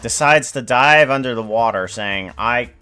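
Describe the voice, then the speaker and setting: A male streamer chats live with his viewers in a rambling, halting way, often breaking off and correcting himself. His voice sits fairly low but sounds bright and clear. He speaks unhurriedly. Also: soft background music. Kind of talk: casual live-stream chat.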